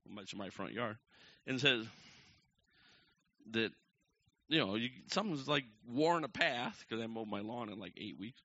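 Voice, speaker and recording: A man telling a long personal story to a crowd from the pulpit, acting out each quoted person with sudden jumps in pitch and loudness. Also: normal speed, long pauses. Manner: animated, acts out the quoted people with big jumps in pitch and loudness. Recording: dull lo-fi recording.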